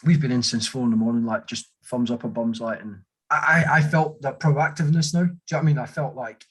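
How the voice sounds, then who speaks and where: A man's voice: mid-range voice, fast talker, breathy edge. A man, an army veteran guest, chatting casually and telling stories, often calling his friend mate. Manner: relaxed, says mate, tells anecdotes. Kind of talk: casual chat.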